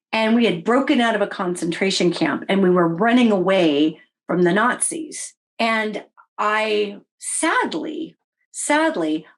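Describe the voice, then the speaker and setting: A middle-aged woman telling her own story in a casual interview, wry and animated, often voicing her own past remarks. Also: mid-range voice. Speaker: interview guest recounting experiences.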